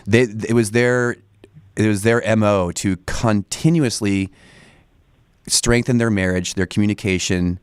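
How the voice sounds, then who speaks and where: A man in his forties with a very low voice talks in a loose, rambling way, full of fillers and restarts. He is recorded close on a dry studio mic with no room sound. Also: measured pace, smooth, no echo. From Northern California. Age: 40s. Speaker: studio guest. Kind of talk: casual interview talk. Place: radio studio.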